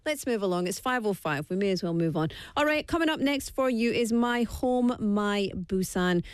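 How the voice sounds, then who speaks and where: A woman's voice: mid-range voice, animated, normal speed, clean tone, no echo. A woman hosting a live radio show, chatty and playful, joking at her own expense, speaking into a studio microphone. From Scotland. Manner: chatty, playful, self-mocking. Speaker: radio host.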